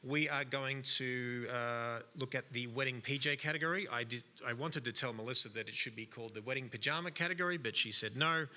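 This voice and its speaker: Male panel moderator, very bright tone, playful banter, hall reverb. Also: mid-range voice, a little fast, few pauses. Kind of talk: live event moderation.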